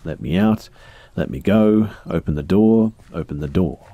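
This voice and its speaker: A man's voice: low-pitched, lively intonation, a little slow, slightly rough, phone-quality sound, exaggerated voice. A man voicing a captive young woman who answers curtly and with hostility. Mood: pleading. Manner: curt and hostile.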